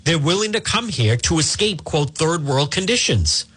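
A man's voice: fairly high pitch, animated, normal speed, fairly bright tone, breathy edge. A man hosting a talk radio show, arguing combatively, repeating points and firing rhetorical questions. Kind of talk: opinionated talk radio monologue.

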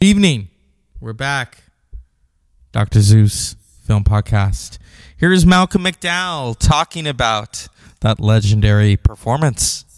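A man's voice: mid-range voice, lively intonation, takes it slowly. A man hosting a film podcast, talking casually and repeating himself as he goes. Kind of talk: podcast commentary.

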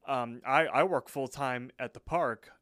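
A man's voice: mid-range voice, fairly bright tone, no room sound, clean studio sound. A young man co-hosting a podcast, casually recapping a cartoon episode and briefly voicing its characters as he goes. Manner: retells scenes, voicing characters in quick impressions. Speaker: podcast co-host.

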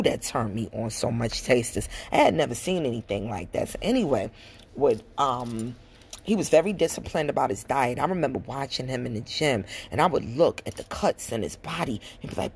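A woman's voice: extremely low pitch, creaky, darkish tone, slight background noise. A woman hosting a podcast, telling a personal story bluntly and with frank profanity. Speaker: podcast host. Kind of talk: casual storytelling monologue.

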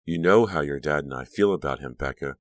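A man's voice: very deep voice, brisk, no echo. A man voicing a worried, disapproving middle-aged mother with a stern, reproachful manner.

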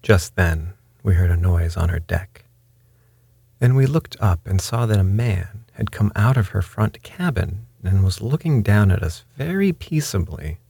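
A man reading a story aloud as its narrator, in a measured, unhurried way. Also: low-pitched, expressive, gravelly, dark tone, husky, no room sound.

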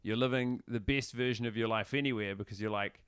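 A man talking in casual podcast chat, his voice smooth and clear. He riffs wryly with some swearing. The sound is dry and close to the mic. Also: medium pitch, steady tone, fairly quick, fairly bright tone, no echo. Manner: profane, wry, riffing.

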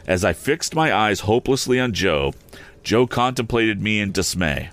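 A man reading a classic novel aloud, expressive, with occasional slips he corrects. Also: fairly low pitch, moderate pace. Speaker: audiobook reader.

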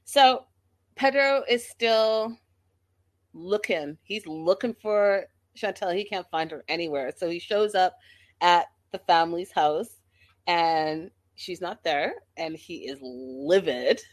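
A woman's voice: on the low side, slow pace. Sassy woman recapping reality TV. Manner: sassy, animated, talks straight to viewers. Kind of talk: casual recap commentary.

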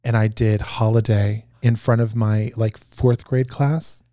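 A man's voice: lowish voice, little pitch movement, a little slow, dark tone. A man as a guest in a casual chat, telling earnest, self-deprecating stories. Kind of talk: casual storytelling.

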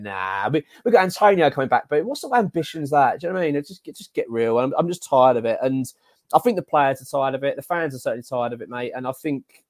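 A man from England co-hosting a casual football podcast, giving animated, exasperated opinions and calling his co-host mate. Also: medium pitch, dry recording, clean studio sound.

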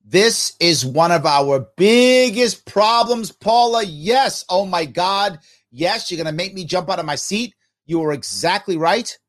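Animated man with a lively voice. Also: sits high, unhurried. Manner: animated and emphatic, asks himself rhetorical questions. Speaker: podcast host answering viewer comments. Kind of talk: casual livestream talk.

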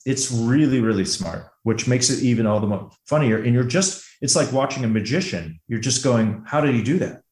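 A man's voice: medium pitch, lively intonation, moderate pace, few pauses, darkish tone, echoey room. A man co-hosting a casual movie podcast, talking enthusiastically and laughing as he retells favorite scenes. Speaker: podcast co-host.

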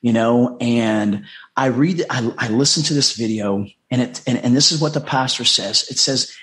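A man's voice: medium pitch, normal speed, a bit bright. A middle-aged man from the United States, a guest on a podcast, telling a personal story in an earnest, heartfelt way and often repeating himself. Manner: heartfelt, repetitive, acts out quoted dialogue. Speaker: podcast guest, life coach.

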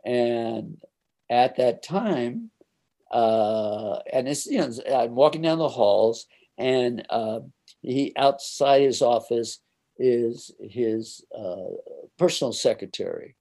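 Older male storyteller, unhurried delivery, animated, acts out the other voices, laughs often. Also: mid-range voice. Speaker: interviewee recalling his career. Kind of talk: casual storytelling.

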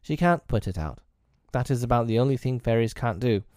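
A man's voice: mid-range voice, lively intonation, a little fast, a little mellow, dry recording, clean studio sound, voice pushed up, natural voice. A man reading aloud, voicing a proud, commanding boy leader with a clipped, lofty manner.

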